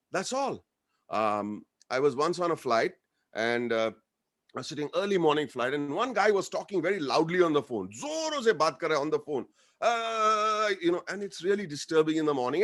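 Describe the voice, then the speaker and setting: A man's voice: on the high side, fairly bright tone. A man with an Indian accent speaking to a webinar over a video call, joking and earnest by turns, slipping between English and Hindi. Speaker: guest speaker, actor. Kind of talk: informal webinar speech.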